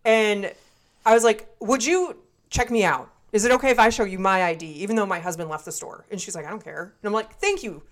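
She's a twenty-something podcast co-host recounting a story in a casual, blunt way, with plenty of swearing and acted-out quotes from the people involved. Her mid-range voice moves a little fast.

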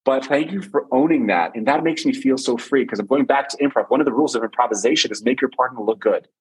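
A man talking as a guest on a conversational show, giving relationship advice through lively personal stories and repeated phrases. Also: medium pitch, fast talker, husky, poor audio. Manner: animated storytelling with repeated phrases.

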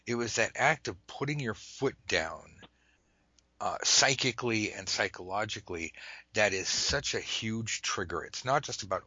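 Husky, animated male podcast host. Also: fairly low pitch, moderate pace, no room sound, dull audio. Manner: animated, drops to a whisper for asides. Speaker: podcast host and tarot teacher. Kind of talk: ranting podcast talk. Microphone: internet call microphone.

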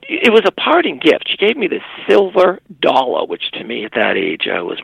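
Brief: middle-aged man, gravelly husky voice, lively storytelling as a podcast guest. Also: fairly high pitch, brisk, few pauses, dry recording, dull audio. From Massachusetts. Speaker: guest, executive director of elder housing charity. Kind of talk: conversational storytelling.

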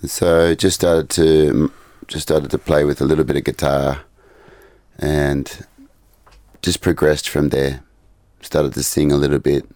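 A man's voice: rumbling low, level tone, a little slow, a little mellow, no echo. A man from Australia, a touring musician, chatting modestly and easily in a radio studio interview with light laughs.

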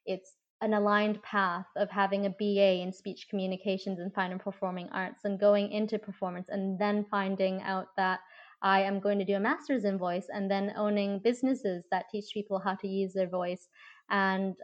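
A woman who coaches voice and communication, answering interview questions in an earnest, measured way. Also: medium pitch, muffled recording.

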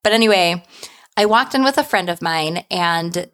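Woman, lower register, chatty storyteller who keeps checking in with "right?". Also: animated, moderate pace, a bit bright. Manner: chatty, tags lines with "like" and "right?". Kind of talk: casual personal anecdote.

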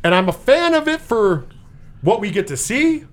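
A man hosting a casual movie review chat, talking in an animated, profane way and acting out scenes in quick put-on voices. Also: sits high. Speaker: podcast host.

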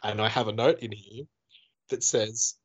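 A man's voice: on the low side, fairly even intonation, normal speed, husky. A man co-hosting a casual film-review podcast, laughing often, swearing freely and mimicking characters as he talks. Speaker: podcast co-host.

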